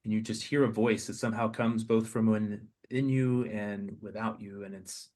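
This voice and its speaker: Soft-spoken man leading a guided meditation. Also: fairly low pitch, level tone. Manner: slow, soft, hesitant restarts. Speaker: podcast host.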